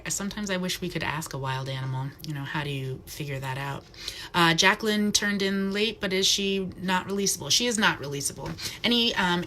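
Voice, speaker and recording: A woman, a wildlife educator giving a live-streamed talk in a chatty way and softly cooing asides to an owl. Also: deep voice, creaky, slight background noise. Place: wildlife center room.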